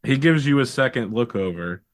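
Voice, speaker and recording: A man's voice: medium pitch, animated, moderate pace. A man narrating as game master, descriptive and joking.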